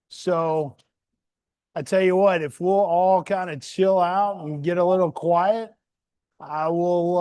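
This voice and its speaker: This man from the Southern US speaks in a high-pitched, darkish voice with a country accent. As a guest reader, he chats casually with a crowd of children in a friendly, folksy way, using lots of fillers. The recording is clear, resonant, echo-free and studio quality.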